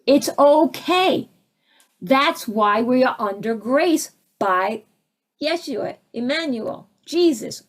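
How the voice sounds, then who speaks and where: An animated woman teacher with a fairly high voice answers questions from her audience. She talks her points through by acting out small scenes and jumps between voices as she goes. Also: slow pace. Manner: animated, acts out little scenes with sudden swings in voice. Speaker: spiritual teacher.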